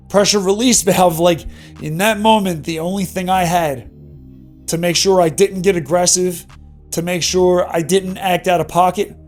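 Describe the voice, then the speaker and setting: A man in his thirties candidly telling an emotional personal story in a vlog monologue. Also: high-pitched. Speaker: vlogger.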